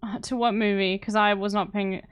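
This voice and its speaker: A woman's voice: mid-range voice, level tone, fairly quick, clear, resonant tone, no echo. Woman streamer, casual reaction chatter to her viewers, clean resonant tone on a dry mic. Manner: chatty, talks to her chat with repeated "okay?".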